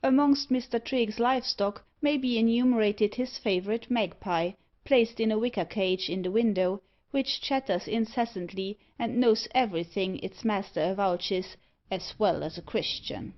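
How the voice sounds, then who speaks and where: A woman reading a gothic novel aloud in measured storytelling narration, recorded with a dull lo-fi sound. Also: mid-range voice. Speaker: audiobook narrator. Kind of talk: scripted narration.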